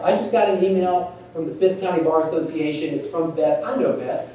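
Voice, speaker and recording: This male workshop presenter sounds brisk and warm, his pitch on the high side, as he talks conversationally about email marketing. He pokes fun at stiff wording and puts questions to the audience. The large meeting room is echoey, with a distant mic and faint room noise.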